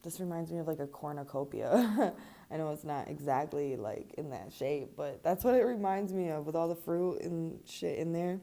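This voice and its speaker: This young tarot reader talks at a moderate pace with animation and some vocal fry, guiding viewers through a card reading. Her tone is loose and chatty, full of laughter and casual swearing, and her slightly low voice is mellow and warm, not bright.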